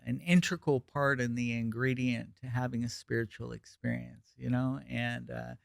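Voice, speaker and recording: Male podcast co-host, gravelly and resonant, reflective delivery. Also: medium pitch, fairly even intonation, moderate pace, no echo, studio quality. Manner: reflective, hesitant with fillers. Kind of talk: casual recovery podcast talk.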